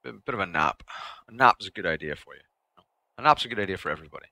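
Male streamer, gravelly and bright, rambling chat with viewers. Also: sits low, quick pace. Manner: rambling, chatty, repeats himself. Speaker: game streamer.

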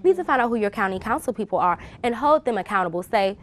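A woman on a talk show speaks earnestly, urging listeners to act. Her voice sits at an ordinary middle pitch for a woman. She talks in an instructive, insistent manner. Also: animated, fast, hardly any pauses. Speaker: guest.

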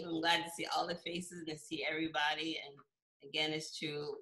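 Woman, bright tone, gentle; brief remarks on a video call. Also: deep voice, level tone, brisk, low-quality recording. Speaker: relative on a family call.

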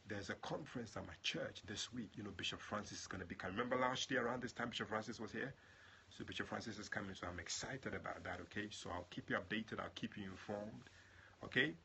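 Male pastor, low-pitched but very bright, tense tone; chatty, affectionate livestream host who greets viewers by name. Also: fast, vocal fry, a little hiss or hum. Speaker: prophet and pastor. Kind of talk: livestream prayer and chat with viewers.

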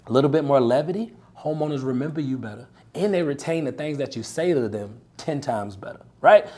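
A man, coaching sales reps in a punchy, animated, preacher-like way, often tagging lines with "right?". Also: fairly high pitch. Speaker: sales coach and podcast host. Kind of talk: motivational sales coaching talk.

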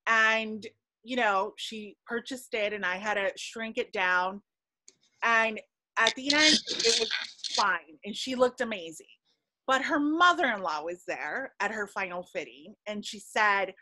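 A woman who does dress fittings, telling a story on a discussion panel in animated style with frequent fillers. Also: a little high, unhurried. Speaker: panelist and dress alterations specialist.

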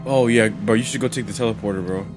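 A man reacting live to a gaming video, excitable and slangy, often yelling advice at the characters on screen. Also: on the low side, fast, music in the background.

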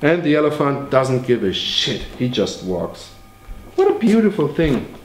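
A man pitching his own paintings in a joking, exaggerated, profane way, in an echoey room. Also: sing-song, unhurried, slight background noise.

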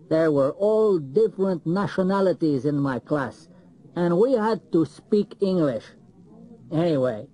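A man from Mexico speaks in a confident, matter-of-fact way. His voice is notably high for a man. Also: mellow, poor audio. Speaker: travel agent. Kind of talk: scripted monologue.

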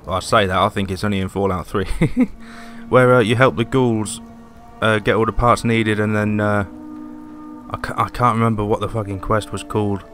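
A young man commenting on a video game he is playing, swearing and yelping excitedly during fights. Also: lowish voice, moderate pace. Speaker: gaming video host. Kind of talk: let's play commentary. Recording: voice over game audio with music.

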